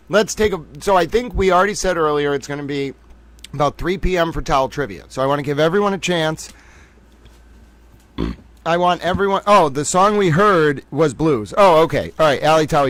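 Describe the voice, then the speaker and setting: A man hosting a casual live stream, joking loudly with his chat and drawing out playful asides. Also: on the high side, no room sound. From United States. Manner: jokey, loud, drawn-out playful asides. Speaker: livestream host. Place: home studio in Boston.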